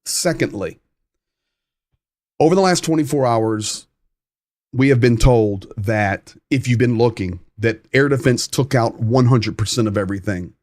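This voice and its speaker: A man with a Southern American accent talks through a live-stream news update in an easy, conversational way. He often pauses with "um" and answers viewer comments as he goes. His voice sits at an ordinary middle pitch and sounds dry and close, with no room echo. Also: a little mellow. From United States.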